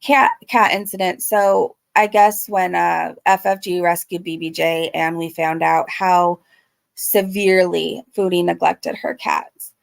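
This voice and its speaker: A woman's voice: on the low side, steady tone, a little slow, gravelly, no room sound. A woman giving a blunt, casual commentary recap who swears freely. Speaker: YouTube commentator.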